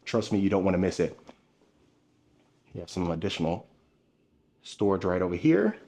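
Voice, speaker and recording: A man with a slightly low voice narrates a home tour from inside a large house. He speaks with steady enthusiasm and talks directly to the people watching. The sound comes from a handheld camera carried as he moves between rooms. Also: moderate pace. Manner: enthusiastic, addresses viewers directly.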